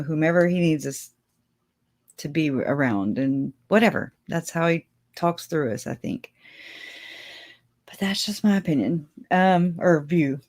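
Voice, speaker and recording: A woman hosting a casual livestream, rambling and chatty, laughing often and talking straight to her viewers. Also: low voice. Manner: speaks to viewers directly. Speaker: livestream host.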